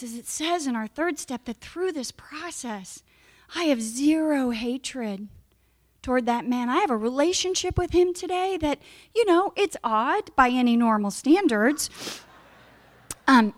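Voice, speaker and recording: A middle-aged woman giving a candid personal testimony at a recovery meeting, emphatic and frank. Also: high-pitched. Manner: candid, emphatic, acts out her past self in raised voice.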